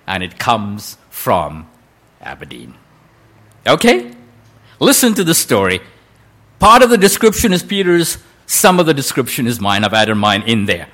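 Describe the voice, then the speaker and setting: A man's voice: medium pitch, wildly swooping pitch, a little slow, fairly bright tone. A male preacher telling a story in a sermon, with a dramatic delivery that draws out quoted lines.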